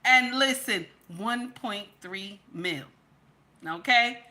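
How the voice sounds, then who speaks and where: A social media commentator with a sharp, rather high voice speaks slowly, chatting emphatically to her viewers. She keeps tossing in "okay?" and addresses them directly as "baby" and "y'all."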